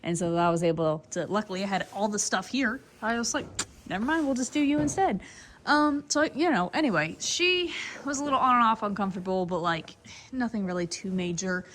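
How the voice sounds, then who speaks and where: A woman's voice: mid-range voice, brisk, a bit bright, a little hiss or hum. A woman in a barn at night, chatting casually and rambling as she talks to her horses and viewers. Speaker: horse breeding farm foaling attendant. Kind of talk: casual vlog chat.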